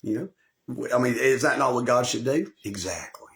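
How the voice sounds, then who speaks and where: This channel host speaks at a normal speed in a mid-range, somewhat bright voice with animated delivery. His personal story wanders and is full of profanity; he brags with a swagger, curses constantly, and keeps losing track and going back over things.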